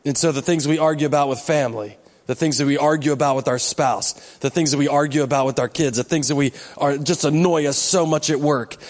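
Male pastor, sermon, chatty and joking, slightly high voice, reverberant church hall. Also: steady tone, a little fast, hardly any pauses. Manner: conversational, joking asides to the congregation. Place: church sanctuary.

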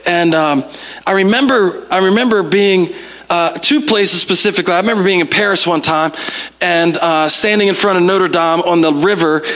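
A man from the United States preaching a storytelling sermon with a high, bright, forceful voice. He keeps it animated and self-mocking, stumbling over repeated words as he starts his sentences. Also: moderate pace. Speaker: pastor.

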